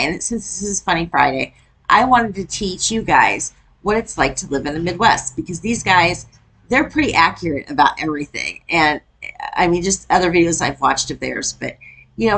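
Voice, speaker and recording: A woman's voice: on the low side, vocal fry, a bit bright, husky, rough recording. Chatty Wisconsin woman reacting. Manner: chatty, exclaims often. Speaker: YouTube reaction host. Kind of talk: casual reaction commentary.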